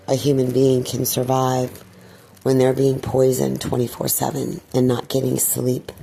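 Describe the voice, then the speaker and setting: Woman, personal vlog monologue, weary, distressed, very low voice, faint noise behind. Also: creaky, dark tone. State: clearing her throat. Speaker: video blogger.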